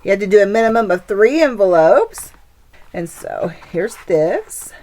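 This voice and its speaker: A woman's voice: medium pitch, animated, a little slow, a little mellow. A woman hosting her craft channel, chatting casually and gushing over the crafts and gifts she shows. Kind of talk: casual craft show-and-tell.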